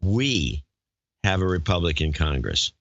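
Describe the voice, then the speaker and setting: Brief: male co-host, low bright forceful voice, blunt and dismissive. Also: very animated, a little slow, no echo, dull audio. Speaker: podcast host. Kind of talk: casual chat.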